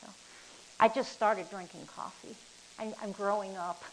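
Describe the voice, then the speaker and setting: A woman's voice: mid-range voice, fairly even intonation, unhurried, rough recording. A woman leads a casual group session, talking in a loose, rambling, friendly way. She laughs easily and drifts off topic. A faint hiss sits under the recording. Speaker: workshop leader.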